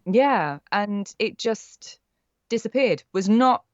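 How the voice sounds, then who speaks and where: A woman's voice: medium pitch, animated, slow pace, lo-fi sound. A young adult woman from Wales, a voice actor, chatting in a casual interview with a faint Welsh accent and a bubbly, enthusiastic manner. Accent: faint Welsh, mostly neutral British. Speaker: voice actor guest.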